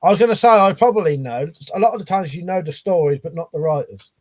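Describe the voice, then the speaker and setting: Bloke on a live stream, chatty and rambling, swears a lot, voice on the higher side. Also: male voice, quick pace, darkish tone, highs cut off. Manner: rambling, swears casually, reads comments aloud. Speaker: streamer reading chat. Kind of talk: casual live-stream chat.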